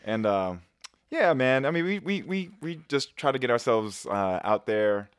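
A man's voice: mid-range voice, very animated, measured pace, clear, resonant tone, no echo, clean studio sound. A man in his thirties co-hosting a podcast in casual chat, joking and laid-back. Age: 30s. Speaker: podcast co-host.

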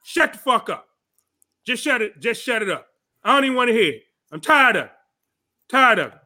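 A man with a very high, bright, piercing voice hosts a podcast. He rants angrily and profanely about politics, shouting often. His delivery is heated and combative throughout. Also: big pitch swings, brisk. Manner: angry, shouting, profane ranting. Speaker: podcast host.

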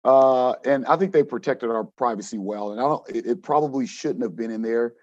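A man's voice: mid-range voice, fairly quick, dry recording. Male coach telling a story, dull dry sound. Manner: animated, acts out quotes, many restarts. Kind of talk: storytelling in a podcast interview.

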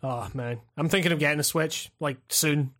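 A man's voice: fairly high pitch, moderate pace, a bit bright. A man in a laid-back, profane casual chat as podcast co-host. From Scotland. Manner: laid-back, laughs often, swears.

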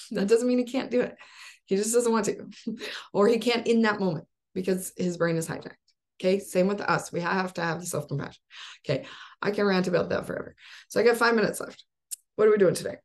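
A woman in her forties, a life coach hosting a support group call over a video call, talking in an upbeat, encouraging way with rhetorical questions and frequent laughs. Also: mid-range voice. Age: 40s.

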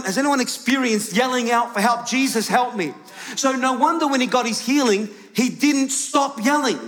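A male pastor preaching a lively sermon to his congregation, questioning the room and shouting at its peaks. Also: sits high. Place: large church hall with congregation. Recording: live church hall with long reverb.

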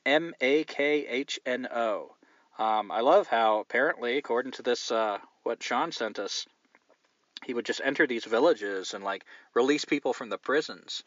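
A man's voice: mid-range voice, normal speed, fairly bright tone, no room sound, lo-fi sound. A man hosting a podcast, chatting candidly in a loose, rambling way and swearing now and then. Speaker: podcast host. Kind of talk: casual chat, reading listener mail.

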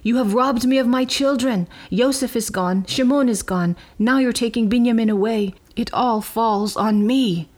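A woman's voice: fairly low pitch, normal speed, darkish tone, close to an everyday voice. A woman reading as an anguished old father.

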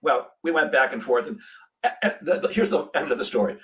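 A man's voice: medium pitch, a little fast, recorded from a distance, low-quality recording. A man hosting a podcast interview, telling a story casually and acting out the dialogue. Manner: animated, acts out quoted dialogue. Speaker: podcast host. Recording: voice set back from the mic.

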